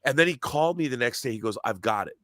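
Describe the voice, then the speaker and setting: A man telling excited, geeky stories in casual podcast chat, often acting out quotes and restarting his sentences. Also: mid-range voice, quick pace, dry recording, clean studio sound. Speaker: guest, audio drama producer.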